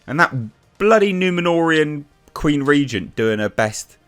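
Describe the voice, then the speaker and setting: A man's voice: on the high side, very animated, a little slow, fairly bright tone, smooth, faint music behind. A man giving a blunt, exasperated casual review rant, with frequent restarts and swearing.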